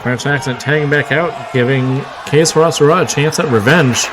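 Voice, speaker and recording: Excitable man calling wrestling play-by-play. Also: mid-range voice, normal speed. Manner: excitable, frequent exclamations and wry asides. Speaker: wrestling commentator. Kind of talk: live play-by-play commentary. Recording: clear crowd noise and background noise.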